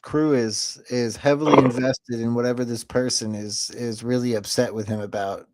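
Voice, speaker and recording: A man's voice: medium pitch, fairly even intonation, moderate pace, darkish tone, no echo. Chat-show host, a man with a mid-range voice, needling and insistent, dry close audio. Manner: pushy, teasing, demanding answers. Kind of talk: casual online chat show.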